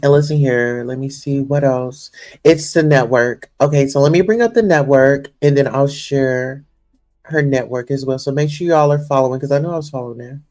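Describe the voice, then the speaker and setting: A woman's voice: extremely low pitch, moderate pace, darkish tone, faint music behind. A young woman hosting a casual livestream chat, effusive and gushing, full of "you know" and "listen here.". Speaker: host.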